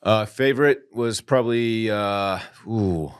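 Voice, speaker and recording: A man's voice: on the low side, unhurried, clear, resonant tone, no echo, studio quality. A man co-hosting a sports podcast, laid-back and wry. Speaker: podcast co-host. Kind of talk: casual sports chat.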